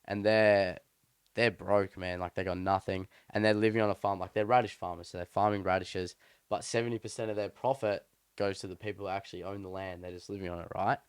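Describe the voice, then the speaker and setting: Young man, smooth low voice. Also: fairly even intonation, brisk, no room sound. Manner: rambling, slangy storyteller with many restarts. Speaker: podcast co-host. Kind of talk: casual chat.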